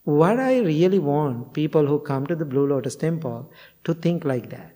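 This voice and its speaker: This is a male monk and meditation teacher speaking with fairly high pitch, dark tone, and animated energy at a moderate pace. He gives a dharma talk full of stories in non-native phrasing, chuckling often, with long hall reverb on the recording.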